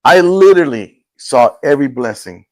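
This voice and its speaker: Fields: Sex: man. Role: talk show host. Style: casual testimony chat. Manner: earnest, halting, acts out quotes. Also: medium pitch, animated, a little mellow, no room sound, rough recording. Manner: earnest, halting storytelling with restarts.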